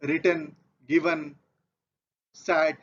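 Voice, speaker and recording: Man, Indian English accent, grammar lesson, methodical, repeats points, fairly high voice, muffled lo-fi sound. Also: flat delivery, drawn-out words, fairly bright tone, slight background noise. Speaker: English teacher. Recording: dull lo-fi audio.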